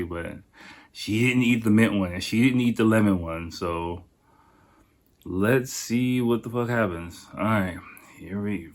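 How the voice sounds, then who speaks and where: A man's voice: on the low side, moderate pace. A man hosting a casual podcast, chatting in a rambling, profane way while tasting food. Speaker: podcast host.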